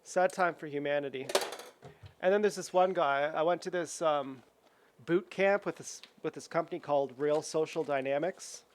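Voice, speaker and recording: A man's voice: fairly high pitch, moderate pace, slight background noise. A young man tells a rambling story while cooking at home, with lots of "like", restarts and acted-out quotes. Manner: rambling, full of "like" and restarts, acts out quoted voices. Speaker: vlogger.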